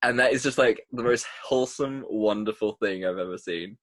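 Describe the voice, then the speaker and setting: A young man co-hosting a casual movie podcast, excitable, swearing often and laughing a lot. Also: fairly low pitch, moderate pace, dry recording. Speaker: podcast co-host. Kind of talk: casual chat.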